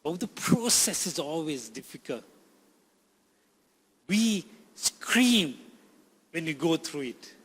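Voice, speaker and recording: A man's voice: high voice, a bit bright, slightly rough, long reverb tail. A man preaching a sermon, emphatic and repeating phrases for effect.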